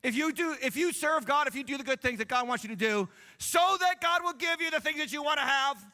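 A man's voice: very high voice, animated, fairly quick. Emphatic preaching man in a reverberant hall. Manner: dramatic, swings between hushed asides and loud emphatic preaching. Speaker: pastor. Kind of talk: sermon. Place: church sanctuary. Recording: church hall with long reverb.

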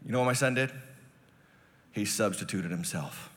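Bright-voiced male pastor in an echoing hall. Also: on the low side, normal speed. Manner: storytelling, builds to loud emphatic preaching. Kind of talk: sermon.

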